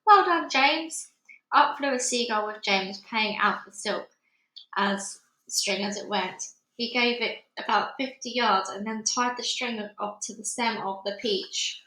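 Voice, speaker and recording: A woman reading a children's book aloud with lively, expressive storytelling, in an echoey room. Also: mid-range voice, unhurried.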